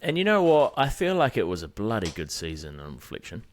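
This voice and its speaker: A man's voice: fairly low pitch, huge pitch swings, brisk, crowd noise. A man co-hosting a rugby podcast in casual banter, rambling with plenty of fillers. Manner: rambling, filler-heavy, chuckling. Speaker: podcast co-host.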